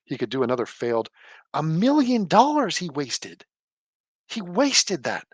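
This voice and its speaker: A man's voice: huge pitch swings, unhurried, husky, dry recording. A man giving sarcastic, mocking live commentary from a desk at home. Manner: sarcastic, mocking, mimics people in a low mumble. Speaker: political commentator.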